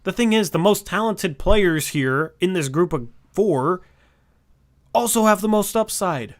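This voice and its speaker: A man co-hosting a casual sports podcast, arguing his opinions at length with quick asides. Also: high-pitched, animated. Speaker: podcast co-host.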